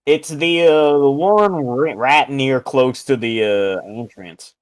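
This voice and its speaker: A man's voice: medium pitch, slow, no room sound. A man playing a tabletop role-playing game, joking around and giving mock coaching to another player. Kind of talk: casual in-character tabletop play.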